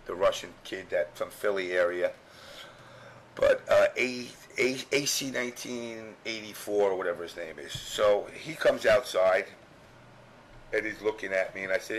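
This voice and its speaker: A middle-aged New Yorker, a former strategy guide writer appearing as a podcast guest, tells a rambling, profane story in casual chat full of fillers. His voice sits low, and the audio is poor with slight background noise.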